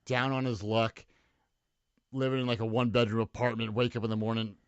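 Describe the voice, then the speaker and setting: A man's voice: mid-range voice, little pitch movement, fairly quick, clear, resonant tone, dry recording. A middle-aged man co-hosting a casual sports podcast, talking with enthusiasm and acting out characters when he tells a story. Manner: enthusiastic, acts out characters in quotes. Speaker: podcast co-host. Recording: dull, dry lo-fi podcast mic.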